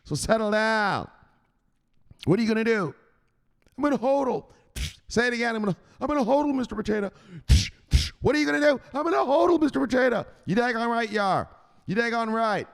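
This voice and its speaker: A man's voice: very high-pitched, animated, fairly quick, vocal fry, long pauses, voice pushed up, heavily acted. A man putting on the voice of a blunt, tough-talking enforcer who barks orders and makes others repeat after him. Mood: bossy. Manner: barking orders and making others repeat his lines.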